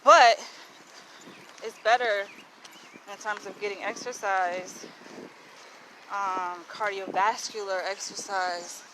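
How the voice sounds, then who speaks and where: A woman's voice: mid-range voice, steady tone, slow pace, long pauses, pushed and bright, poor audio. A woman talking to her viewers while walking outdoors, chatty and blunt, calling them y'all. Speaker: vlogger. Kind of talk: casual walking vlog. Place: outdoors on a city walk. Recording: outdoor street noise.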